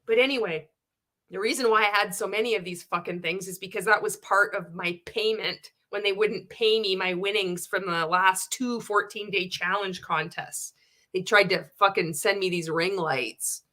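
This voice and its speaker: A woman's voice: medium pitch, fairly even intonation, normal speed, bright, forceful tone. A woman hosting a casual reaction livestream, swearing freely, laughing often and reading viewer comments aloud. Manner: profane, laughing often, candid; reads viewer chat aloud. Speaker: livestream host reacting to a show.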